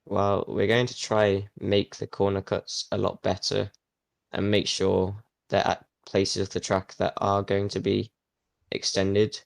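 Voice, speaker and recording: A man's voice: fairly low pitch, completely flat delivery, a little slow, gravelly, no room sound. A young man answering interview questions as a league official, plain and matter-of-fact.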